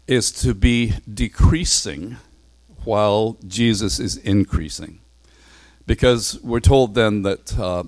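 A low-voiced man retells a Bible story with animated flair, slipping into the characters' voices as he goes. The sound is dry and close, with no room echo. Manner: animated, acts out dialogue, self-correcting. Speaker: Bible teacher.

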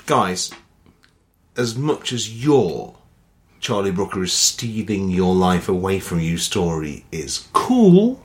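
A man's voice: low-pitched, slow. A man co-hosting a comedy podcast, rambling in a dry, sweary way and laughing mid-sentence. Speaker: podcast co-host. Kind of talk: casual comedy chat.

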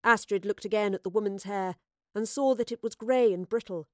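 A woman narrating an adventure story in a measured, expressive storytelling voice. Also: mid-range voice, no room sound, studio quality. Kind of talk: audiobook narration.

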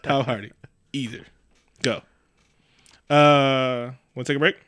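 A man co-hosting a casual chat, animated and swearing, often jumping into high excited bursts. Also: measured pace, no room sound, studio quality. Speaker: podcast co-host.

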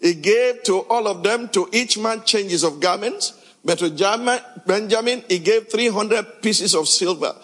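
A man's voice: high voice, measured pace, fairly bright tone, long reverb tail, rough recording. A pastor preaching a sermon, reading scripture aloud and questioning his congregation.

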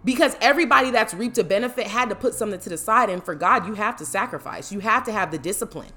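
Emphatic, bright-voiced woman giving pep talks. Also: mid-range voice, fast, faint music behind. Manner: emphatic, preachy, acts out quoted voices. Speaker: motivational speaker. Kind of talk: casual motivational talk on faith.

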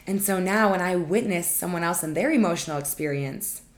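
A woman's voice: lowish voice, fairly quick. A woman relationship coach hosting her own podcast, speaking in a chatty, informal way straight to her listeners. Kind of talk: solo podcast monologue. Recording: echoey room.

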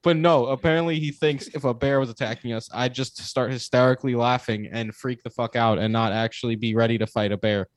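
Young male co-host, casual animated storyteller, mid pitch, dead-dry close mic. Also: a little fast, hardly any pauses, no echo. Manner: animated, swears, laughs while telling. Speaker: podcast co-host.

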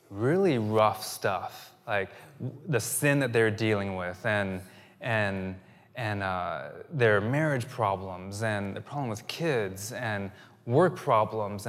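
A man preaching a sermon, moving from quiet storytelling to loud, impassioned exhortation. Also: on the low side. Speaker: pastor. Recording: long hall reverb.

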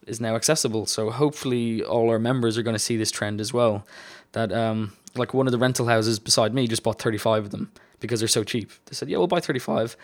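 Chatty, enthusiastic man in mid voice. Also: medium pitch. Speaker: colorist. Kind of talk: casual podcast discussion.

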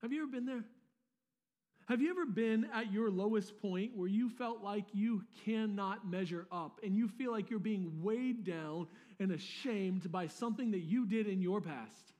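High-voiced man preaching in a reverberant hall. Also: normal speed, a little mellow. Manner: casual, conversational preaching with slangy asides and repeated words. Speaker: pastor. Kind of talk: sermon. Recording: long reverb of a large hall.

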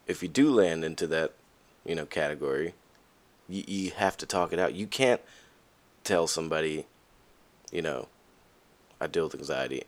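Young male podcast host, low voice, very expressive pitch, candid casual monologue, acts out quoted voices.

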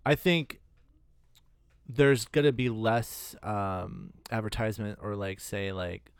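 A man's voice: fairly low pitch, steady tone, slow pace, clean tone, no room sound. A man co-hosting a podcast, chatting casually about a movie in a laid-back way, swearing and chiming in to agree. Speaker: podcast co-host. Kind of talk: casual movie review chat.

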